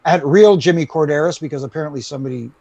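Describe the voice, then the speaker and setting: A man's voice: on the high side, fast, muffled recording, crowd noise. A middle-aged man telling stories as a guest on a video call podcast, acting out quotes and peppering his speech with "you know.". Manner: animated, acts out quotes, frequent "you know". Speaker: guest, retired referee. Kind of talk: casual storytelling on a podcast.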